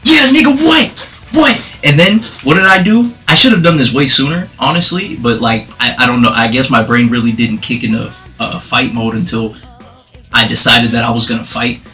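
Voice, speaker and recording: A man vlogging a storytime, animated and profane, laughing as he tells it. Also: medium pitch, a little fast, soft background music. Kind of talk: storytime vlog.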